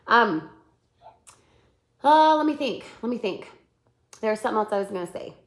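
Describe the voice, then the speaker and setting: A woman coaching her sales team in a live webinar, animated, acting out sample messages and often checking that her listeners follow. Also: fairly high pitch, moderate pace. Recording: roomy echo.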